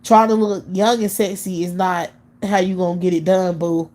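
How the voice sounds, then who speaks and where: A woman's voice: lowish voice, little pitch movement, normal speed, a little mellow. Woman host, profane scornful live-stream rant, blunt and repetitive.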